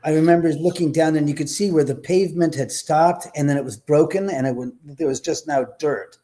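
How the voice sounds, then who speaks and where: A man's voice: fairly high pitch, a little fast. A man, a podcast guest telling a story and acting out the dialogue, speaking from home over a remote call. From Los Angeles, USA. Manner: animated, acts out quoted dialogue. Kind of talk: casual storytelling. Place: home in Los Angeles.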